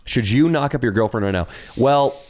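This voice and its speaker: A man's voice: medium pitch, moderate pace, a little mellow. A man co-hosting a podcast in casual chat, wry and teasing. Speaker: podcast co-host.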